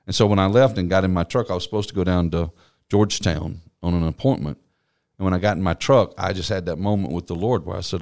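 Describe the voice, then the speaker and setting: Deep-voiced man telling his testimony. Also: quick pace, a little mellow. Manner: earnest, reflective storytelling. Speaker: church business administrator. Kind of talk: personal testimony in an interview.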